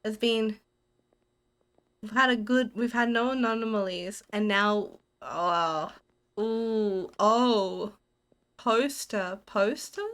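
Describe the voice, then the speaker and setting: A woman's voice: medium pitch, slow, fairly bright tone. A woman streamer with an Australian accent, giving live commentary on a horror game in a jumpy, giggly way, squealing and muttering to herself.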